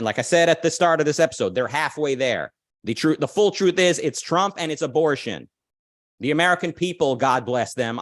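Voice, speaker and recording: A man's voice: medium pitch, no room sound. Opinionated man with a dry sound. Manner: opinionated, animated, with frequent restarts and "right?" asides. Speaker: podcast host. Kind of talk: casual political commentary.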